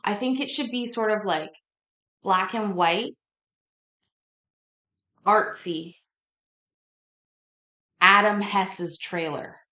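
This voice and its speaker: A woman's voice: medium pitch, drawn-out words, long pauses, sharp tone, roomy sound. A woman hosting with joking asides who sometimes breaks into off-tune singing. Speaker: host judging the case. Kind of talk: comic asides.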